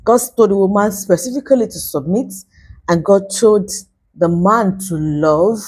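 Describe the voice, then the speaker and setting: A woman's voice: mid-range voice, a little slow, darkish tone, husky. A young Nigerian woman from Nigeria, earnestly preaching to camera in a casual way and repeating points for emphasis. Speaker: vlogger.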